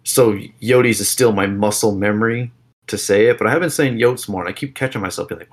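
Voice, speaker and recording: A man's voice: fairly low pitch, fairly quick, breathy edge. A man co-hosting a casual sports podcast, talking in a rambling, jokey way and correcting himself as he goes. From Arizona. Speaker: podcast co-host.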